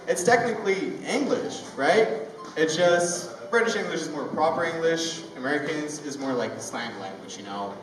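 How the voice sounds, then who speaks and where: A man's voice: fairly high pitch, animated. A young man from Ukraine with a Ukrainian accent, a native Russian speaker doing stand-up at an open mic in a rambling storytelling way. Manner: rambling, conversational storytelling with halting restarts. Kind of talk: stand-up comedy. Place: comedy club open mic. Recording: echoey room, mic far off, ambient noise.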